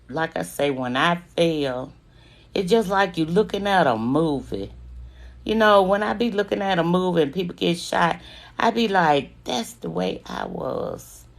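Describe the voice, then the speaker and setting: A woman's voice: low voice, gravelly. A woman telling her own survival story live to her viewers. She speaks with emotion, holds back tears, and calls her listeners "y'all" and "babies.". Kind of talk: live-stream personal storytelling.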